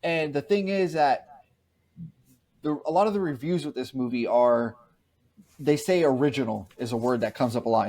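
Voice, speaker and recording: A man's voice: mid-range voice, moderate pace, pauses often, warm tone. Man, podcast co-host, casual chat, rambling, restarts his sentences. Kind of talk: casual movie review chat.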